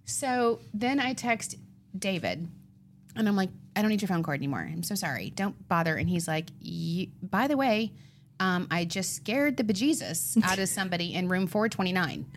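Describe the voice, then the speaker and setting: A middle-aged woman co-hosting a chat show, retelling a story with animated, acted-out quotes. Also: medium pitch, normal speed, a little hiss or hum. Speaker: podcast co-host.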